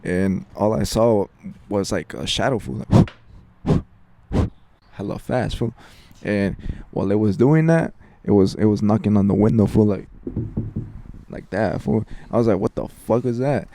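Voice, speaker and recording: A young man with a low, mellow voice tells a ghost story in loose, slangy podcast chat. He swears freely and drops "fool" into nearly every line. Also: normal speed, a little hiss or hum. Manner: slangy, profane, says "fool" constantly. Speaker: podcast co-host.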